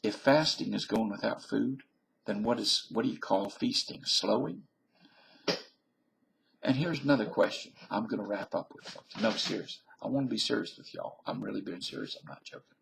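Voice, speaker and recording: Against a noisy background, a Virginia vlogger with an on-the-low-side voice talks at a moderate pace in a rambling comic monologue to camera. His voice is very gravelly and husky, frequently dropping to a breathy near-whisper, and he keeps contradicting himself, then claiming he was kidding.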